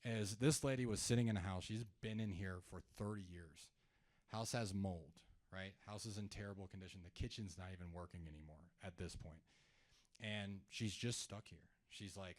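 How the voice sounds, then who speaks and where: A man's voice: on the low side, moderate pace, a little mellow, no room sound. A man giving a live sales training talk, conversational, asking the room questions and acting out calls with sellers. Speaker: sales trainer speaking at an event.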